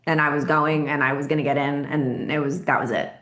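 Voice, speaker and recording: A woman guest on a faith podcast, telling her story in a candid, animated and emotional way. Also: a little fast, reverberant. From Florida. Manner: animated, emotional, rises high when excited.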